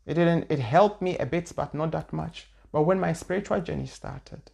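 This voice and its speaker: A woman's voice: sits low, moderate pace, gravelly, warm tone. A woman spiritual teacher telling her own story in an earnest, repetitive way. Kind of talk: personal testimony talk.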